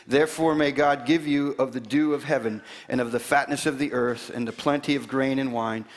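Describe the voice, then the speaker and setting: A man reading the lines of an elderly father giving a solemn blessing, slow and measured, with long hall reverb. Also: mid-range voice, fairly even intonation, natural voice.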